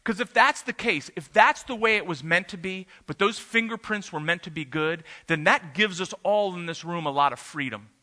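A man's voice: sits high, moderate pace, hardly any pauses, pushed and bright. A man preaching a sermon and telling a family story in a conversational way, with the occasional "uh", in a church room before a congregation. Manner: conversational and anecdotal, with filler "uh"s. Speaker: pastor.

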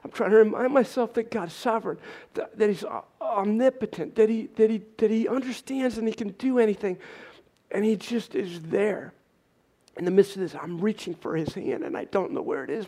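A man's voice: sits high, moderate pace, mellow. A middle-aged man telling an audience an emotional personal testimony, earnest and urgent. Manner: earnest, urgent, intense retelling. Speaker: speaker giving a personal testimony.

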